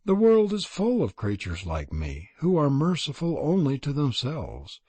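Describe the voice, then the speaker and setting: A man reading a storybook, voicing a resigned young serpent prince in an earnest, solemn way with a husky voice. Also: a little high, wildly swooping pitch, measured pace, mellow, no echo, pitched above the performer's own voice, exaggerated voice.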